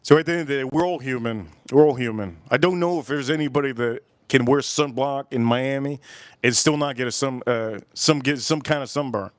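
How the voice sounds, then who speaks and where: A man's voice: medium pitch, a little fast, dry recording. A man hosting a cigar review livestream, chatting casually and rambling, repeating his phrases and acting out the voices of people he quotes. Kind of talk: casual rambling live-stream chat. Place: Miami.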